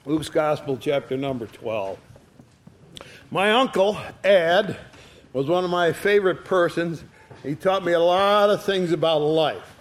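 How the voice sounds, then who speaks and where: An older retired man preaching a sermon in a folksy storytelling way, giving quoted lines a dramatic reading. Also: a little high. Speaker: pastor.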